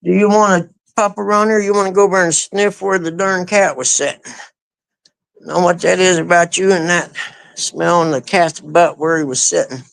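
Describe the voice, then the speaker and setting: At a moderate pace, a man with a high-pitched, creaky, fairly bright voice addresses his dogs casually and folksily, using country grammar. The vlogger is live-streaming from his backyard and doorway at sunrise, and the recording is dry.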